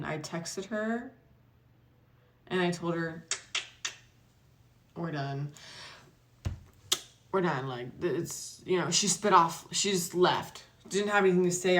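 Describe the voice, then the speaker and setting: A young woman vlogger telling a story in a casual, animated way, acting out the quotes and swearing freely. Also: on the low side, slight background noise. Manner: chatty, animated retelling with acted quotes and swearing.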